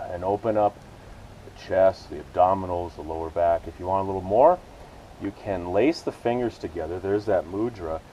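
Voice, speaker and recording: A man teaching a beginner yoga class, calling out poses and breaths in relaxed, encouraging cues with casual asides. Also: low voice, normal speed, long pauses, highs cut off, a little hiss or hum. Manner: relaxed, encouraging cueing with self-aware asides. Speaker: yoga instructor. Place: outdoors with rain and hummingbirds about.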